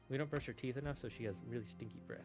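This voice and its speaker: A man's voice: mid-range voice, a little mellow. Chatty man streaming a game. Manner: chatty, rambling, affectionate with his cat. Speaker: gaming streamer. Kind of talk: casual chat.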